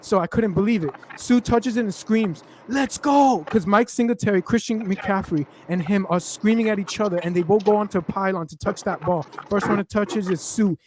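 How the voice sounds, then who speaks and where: A man with a high voice talks through a long, animated football story in loose slang. He hosts a casual sports chat, and a faint hiss sits under his voice. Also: a little fast, few pauses. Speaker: podcast host.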